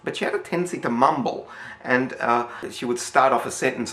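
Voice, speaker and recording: With an Australian accent, a man tells a story casually, rambling with lots of fillers and restarts. His mid-range voice is brisk and fairly bright, and the recording has a roomy echo.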